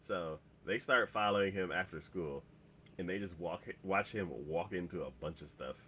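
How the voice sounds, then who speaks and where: Man, podcast co-host, casual recap, rambling filler-heavy delivery, bright slightly low voice. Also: normal speed, slight background noise. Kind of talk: casual chat, recapping an episode.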